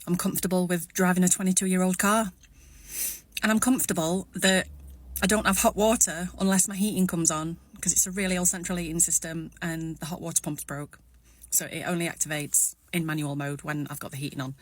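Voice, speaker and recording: An English woman in her forties, musing aloud in a personal vlog. She talks in a rambling, reflective way and keeps steadying herself. Her voice sits a little low. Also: steady tone, brisk, dry recording.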